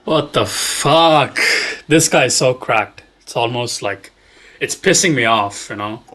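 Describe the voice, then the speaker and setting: A man's voice: mid-range voice, expressive, normal speed, bright, forceful tone, poor audio. A young man from Tamil Nadu streaming casually while coding, muttering in frustration and swearing a lot. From Tamil Nadu, India.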